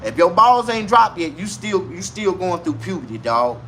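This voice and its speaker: Guy going off on a crude comic rant, high bright voice, bit of hiss behind. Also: moderate pace. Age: 40s. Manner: loud, crude, animated street slang. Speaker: vlogger. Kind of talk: casual comedic rant to camera.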